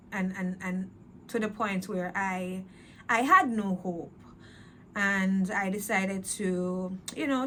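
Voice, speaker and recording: Woman, mid-pitched and slow-spoken, earnest personal testimony with many pauses. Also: fairly bright tone, a little hiss or hum. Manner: slow, reflective, frequent pauses and fillers; earnest, emotionally open. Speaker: faith testimony vlogger.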